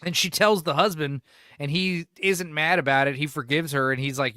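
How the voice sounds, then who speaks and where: A man's voice: a little high, moderate pace, pushed and bright, clean tone, no room sound, studio quality. A man hosting a podcast, rambling and profane in casual chat, laughing often. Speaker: podcast host.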